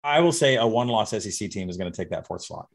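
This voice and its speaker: Low-voiced man making confident picks. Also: expressive, quick pace, music in the background. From Arkansas. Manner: confident, emphatic predictions. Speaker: college football betting guest. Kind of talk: casual podcast chat.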